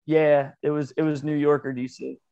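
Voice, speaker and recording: A man tells a rambling story on a podcast, swearing freely and breaking into laughs. His voice sits a little high for a man. The audio is dull and lo-fi. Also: flat delivery, normal speed, gravelly, warm tone, clear, resonant tone. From Philadelphia area. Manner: rambling, profane, laughs often. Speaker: podcast co-host. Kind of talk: casual storytelling chat.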